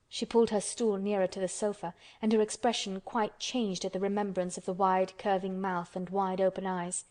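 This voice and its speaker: A woman narrating an audiobook in a calm, measured way. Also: mid-range voice. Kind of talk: scripted narration.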